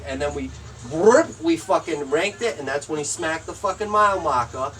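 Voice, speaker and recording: A young man with a low, tired way of talking, telling his side of a story in casual chat and swearing often. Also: lively intonation, normal speed, a bit bright, a little hiss or hum. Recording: distant from the mic, music in background.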